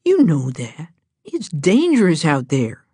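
A woman's voice: low voice, huge pitch swings, slow pace, warm tone, breathy edge, dry recording, clean studio sound, exaggerated voice. A woman voicing a fond man who coaxes and fusses over his cat, in a storybook reading. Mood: coaxing. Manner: coaxing, fond.

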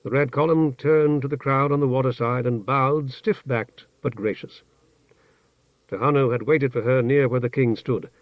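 Measured male audiobook narrator. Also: medium pitch, no room sound. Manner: measured, even storytelling. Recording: dull, dry studio recording.

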